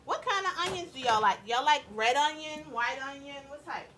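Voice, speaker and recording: Woman, casual kitchen vlogger, high and bright, faint background noise. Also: normal speed. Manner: chatty, asks viewers questions, says y'all. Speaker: cooking vlogger. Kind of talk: casual cooking chat to viewers. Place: home kitchen.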